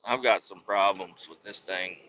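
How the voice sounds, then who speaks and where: Cursing trucker, bright and lo-fi. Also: male voice, low-pitched, fairly even intonation, moderate pace, a little hiss or hum. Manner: rambling, profane, curses at his truck. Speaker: truck driver. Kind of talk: casual vlog while driving. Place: truck cab on the road. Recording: dull lo-fi sound.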